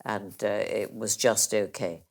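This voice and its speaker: A woman's voice: a bass voice, unhurried, darkish tone, husky. An older woman guest, emotional and close to tears, telling life stories and acting out the voices of people she quotes. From England. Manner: anecdotal, acts out quoted voices. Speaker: interview guest. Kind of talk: emotional life-story chat.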